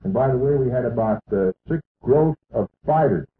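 A man's voice: medium pitch, animated, normal speed, a little hiss or hum. A man giving an emphatic, boastful rally speech to an audience in a meeting hall. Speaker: political speaker. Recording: tinny, echoey archival hall recording.

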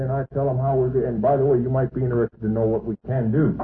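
A man's voice: mid-range voice, fairly even intonation, quick pace, few pauses, slight background noise. A man giving an emphatic, boastful rally speech to an audience in a meeting hall. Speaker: political speaker. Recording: tinny, echoey archival hall recording.

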